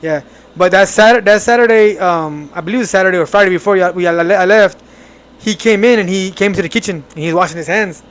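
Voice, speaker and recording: A young man co-hosting a podcast, telling a family story in casual, animated chat with laughs. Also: sits high, fast talker. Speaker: podcast co-host.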